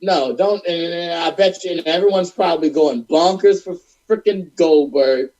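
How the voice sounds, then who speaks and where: A man's voice: on the high side, normal speed, dark tone, lo-fi sound. A man co-hosting a podcast in casual chat, blunt and profane as he reacts to wrestling. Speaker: podcast co-host.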